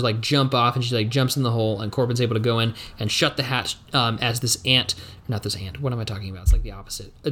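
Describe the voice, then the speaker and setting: A man's voice: mid-range voice, fairly bright tone. A man narrating a solo tabletop game as game master, thinking aloud in a rambling, self-correcting way.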